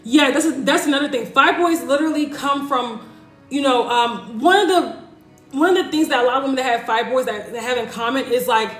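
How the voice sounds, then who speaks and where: A woman's voice: high-pitched, brisk, faint music behind. A woman hosting a live stream, chatting casually and reassuringly while she reads out and answers viewers' comments. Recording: echoey room.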